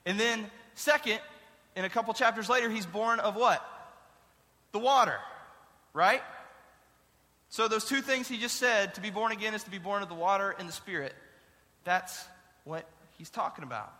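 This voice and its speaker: A man's voice: sits high, moderate pace, long pauses, bright, forceful tone. A man, a youth pastor, giving a casual Bible lesson to kids, chatty and quizzing his listeners with questions. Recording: long hall reverb.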